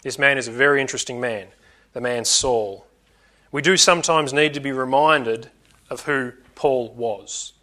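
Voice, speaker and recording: A man's voice: medium pitch, normal speed, pushed and bright. A man preaching an earnest evening sermon to his congregation, teaching with repetition and emphasis.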